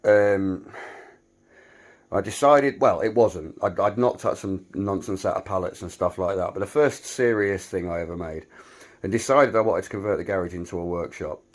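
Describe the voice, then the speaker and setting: A British man with a fairly low voice talks casually, filming a tour of his small garage workshop. His delivery is chatty and self-mocking, with dry humor. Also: moderate pace. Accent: British English. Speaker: woodworking maker giving a shop tour. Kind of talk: casual vlog walkthrough.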